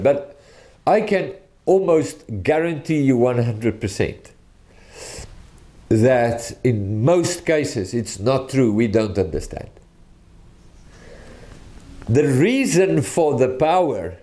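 A man preaching a sermon, teaching in an earnest, deliberate way and often restarting his sentences. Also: mid-range voice, warm tone.

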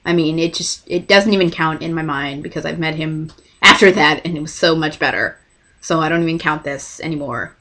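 A young woman vlogger telling a story in a casual, excitable and self-mocking way. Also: deep voice, brisk.

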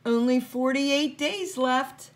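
A woman's voice: sits high, takes it slowly, pitched above the performer's own voice. A woman reading aloud voices a fussy little male elf who sticks to rules and frets in a flustered way. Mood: hurried.

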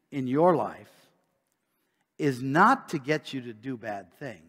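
Unhurried pastor preaching in a reverberant church. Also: male voice, medium pitch, expressive, fairly bright tone. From United States. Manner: conversational, rhetorical questions. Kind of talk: sermon. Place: church sanctuary.

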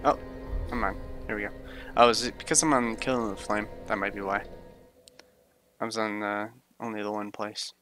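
A man's voice: fairly low pitch, fairly even intonation, normal speed, pushed and bright. A young man casually commenting on his own gameplay as a streamer, laid-back and grumbling with swears at opponents. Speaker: game streamer. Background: game music.

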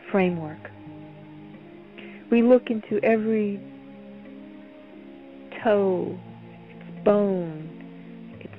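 Playful woman guiding a meditation. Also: mid-range voice. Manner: playful, halting, repeats words. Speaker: radio show host. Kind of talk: guided meditation. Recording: phone-line radio call, faint music.

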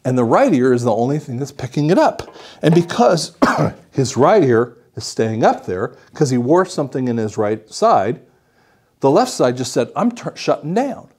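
A male audiologist explaining a patient case as a lively story, acting out what the patient said. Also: medium pitch, normal speed, husky. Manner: animated storytelling, acts out the patient's lines.

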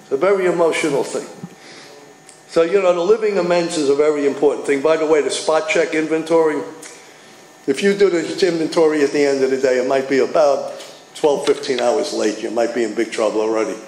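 An older man tells his recovery story to a meeting in a fairly high, animated voice, slipping into the lines of the people he quotes. The room is echoey, with a faint hiss behind him. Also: brisk. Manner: animated storytelling, acts out dialogue. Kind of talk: personal recovery talk. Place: meeting hall.

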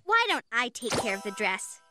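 A woman voicing a cheerful, excitable little monkey in a children's cartoon, bubbly and full of exclamations. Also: on the high side, normal speed, noisy background. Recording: music playing under voice.

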